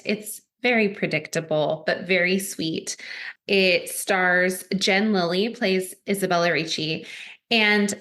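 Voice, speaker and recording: A woman's voice: medium pitch, bright, forceful tone. A woman co-hosting a podcast, telling a story in a chatty way with frequent giggles. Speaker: podcast co-host. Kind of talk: casual chat.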